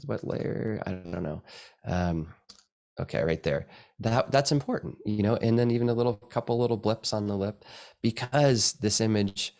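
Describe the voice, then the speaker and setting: Low-voiced man, rambling photography talk. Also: creaky. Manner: rambling, restarts often, soft-spoken asides. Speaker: photographer presenting his work. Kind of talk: casual talk with slides. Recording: dry event space with live video call.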